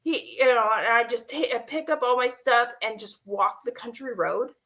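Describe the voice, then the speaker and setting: A woman telling an emotional personal story as a guest, animated and quoting the people in it, laughing at times and close to tears. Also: a little high, normal speed. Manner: animated retelling with quoted dialogue, laughing and near tears. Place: online stream.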